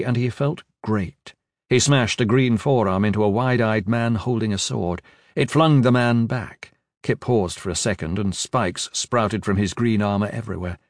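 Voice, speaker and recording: A man's voice: fairly low pitch, no room sound, clean studio sound. A man giving an intense, dramatic fantasy audiobook narration with shifting emphasis.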